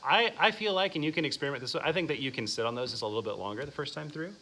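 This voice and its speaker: A man's voice: a little high, rapid-fire, sharp tone. A man teaching a music masterclass, asking the class questions and counting out phrasing exercises. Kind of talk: classroom instruction.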